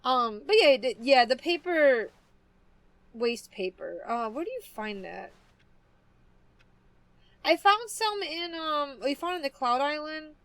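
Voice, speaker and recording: Woman streamer, high voice, casual gaming chat, dry close sound. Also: sing-song, slow pace, pauses often, fairly bright tone, no echo. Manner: chatty, easily amused, talks to chat. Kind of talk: casual game livestream chat.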